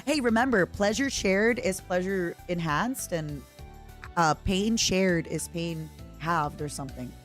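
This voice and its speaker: A young woman streaming casually from home, gushing and quick to laugh as she reacts to videos and chats with her viewers. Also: fairly low pitch, soft background music.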